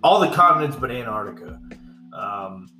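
A man's voice: medium pitch, expressive, normal speed, bright, forceful tone, reverberant, soft background music. A man hosting a podcast, chatting casually at home with friends and doing jokey impressions. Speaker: podcast host. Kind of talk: casual chat. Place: room in a townhouse.

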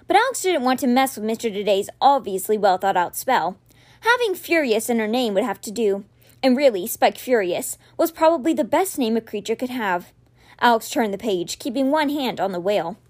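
A woman reading a children's fantasy novel aloud for a podcast, with expressive, dramatic storytelling. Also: a little high. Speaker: podcast reader.

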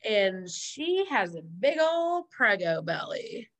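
A woman co-hosting a casual chat about a sitcom episode, relaxed and laughing often. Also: medium pitch, takes it slowly. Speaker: podcast co-host.

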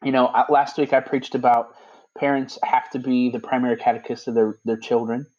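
A man who is a Catholic priest, chatting casually as a podcast guest, laughing easily and filling pauses with "you know.". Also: medium pitch. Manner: laughs easily, animated, lots of fillers. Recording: slightly dull lo-fi sound.

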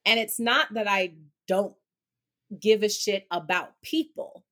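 Outspoken expressive woman. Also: mid-range voice, takes it slowly. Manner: outspoken and expressive, with casual swearing. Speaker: interview guest. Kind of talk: candid conversational interview.

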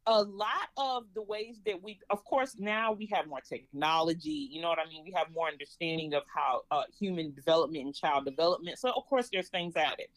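A woman from Georgia with a Southern twang, a parenting coach talking in a casual interview, emphatic and quick to laugh. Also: lowish voice, no room sound, poor audio. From Georgia, USA. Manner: lively, laughs often, emphatic.

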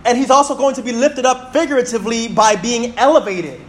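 A man in his thirties preaching a sermon in church, reading scripture slowly and calling out to the congregation. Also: extremely high pitch. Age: 30s. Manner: animated, reads scripture slowly and calls out to the congregation.

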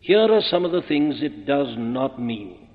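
A man preaching an expository sermon, emphatic and deliberate, posing rhetorical questions and answering them. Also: mid-range voice, big pitch swings. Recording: muffled old recording in a reverberant hall.

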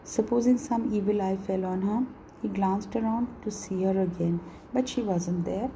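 A woman with a husky voice reads a novel aloud in a steady, measured way. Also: medium pitch, slight background noise, low-quality recording. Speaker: narrator. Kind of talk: storybook reading.

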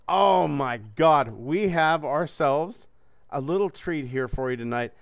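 A man's voice: a little high, animated, slow pace, creaky, no room sound, clean studio sound. Joking, foul-mouthed male podcast host. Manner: profane, joking, laughs a lot. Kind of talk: casual podcast chat.

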